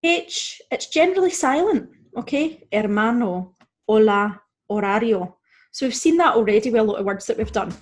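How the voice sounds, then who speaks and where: A woman's voice: high-pitched, lively intonation. Woman teaching beginner Spanish pronunciation. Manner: explains step by step, checking in with "okay?" and "right?"; models Spanish words slowly and clearly. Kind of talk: recorded beginner language lesson.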